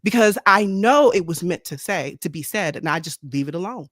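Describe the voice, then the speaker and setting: A woman's voice: on the low side, lively intonation, fairly quick, no echo, clean studio sound. A woman co-hosting a casual faith talk show, speaking bluntly and repeating her points. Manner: blunt, outspoken, repeats herself. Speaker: co-host. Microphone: streaming microphone.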